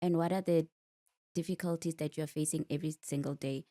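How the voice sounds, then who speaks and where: A woman's voice: low voice, fairly even intonation, a little fast, mellow, slight background noise. A woman, a Sotho speaker, hosting a podcast interview with friendly, chatty questions. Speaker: podcast host. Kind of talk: casual interview.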